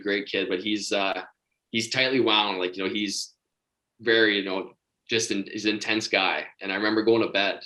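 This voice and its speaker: A man's voice: lowish voice, pushed and bright, low-quality recording. A young man, a podcast guest, chatting in an easygoing way with frequent restarts. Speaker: guest, pro hockey player. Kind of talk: casual chat.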